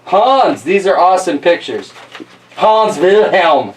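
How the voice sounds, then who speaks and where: A man's voice: sits high, expressive, measured pace, far from the mic. Chatty man reading a picture book aloud. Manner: chatty, laughing, jokey asides. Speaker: storyteller host.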